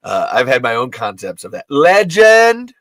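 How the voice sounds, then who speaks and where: A man's voice: fairly quick, sharp tone, no echo. A man hosting a casual livestream, rambling and joking with his viewers. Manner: rambling, jokey, swings into high squeals. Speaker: podcast host.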